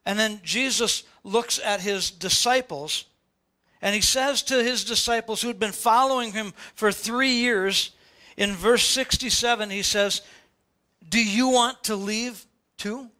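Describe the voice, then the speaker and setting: A man's voice: high voice, a little slow, pushed and bright. An older man, a pastor preaching a sermon to his congregation, pressing his points with repeated, rising questions. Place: church sanctuary before a congregation.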